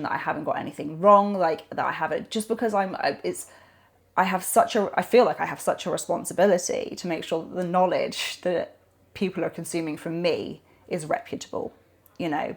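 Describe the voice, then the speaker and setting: A woman, a nutrition coach, talking animatedly in a podcast interview, rambling with lots of fillers and restarts. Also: fairly low pitch.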